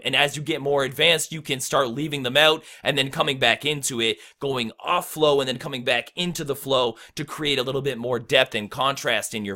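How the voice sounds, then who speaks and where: Bright-voiced enthusiastic young man teaching. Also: medium pitch. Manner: energetic, enthusiastic, counts out beats rhythmically. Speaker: rap teacher. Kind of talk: casual instructional talk.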